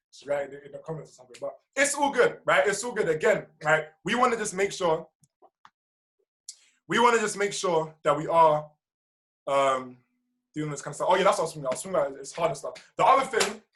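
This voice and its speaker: A man leading a motivational team call over video, energetic and slangy, often asking "right?". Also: on the high side, low-quality recording. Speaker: team trainer.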